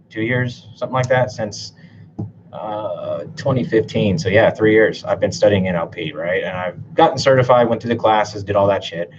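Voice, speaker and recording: A man's voice: on the low side, muffled recording, background noise. A man coaching on personality types in a blunt, casual talk to camera, swearing freely and tagging his points with "right?". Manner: blunt, swears a lot, tags sentences with "right?". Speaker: typology and NLP coach.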